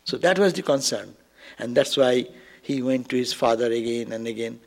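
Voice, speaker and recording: Animated man telling a scripture story. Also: medium pitch, normal speed, gravelly. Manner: animated storyteller who often chuckles; explains step by step with frequent rhetorical asides. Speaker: spiritual teacher.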